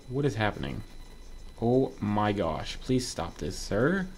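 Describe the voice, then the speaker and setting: Man, gaming commentary, excitable, yelps, jokey asides, very animated pitch. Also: slow pace, husky. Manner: excitable, talks to himself, yelps when surprised; joking asides to viewers. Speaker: gaming video creator. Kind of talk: casual let's-play commentary.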